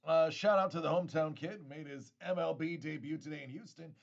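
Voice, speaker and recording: A man's voice: on the high side, a little fast, gravelly, lo-fi sound. A man hosting a casual live stream, chatting and joking with viewers, often laughing and restarting his sentences. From United States. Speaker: host of a card-collecting live stream.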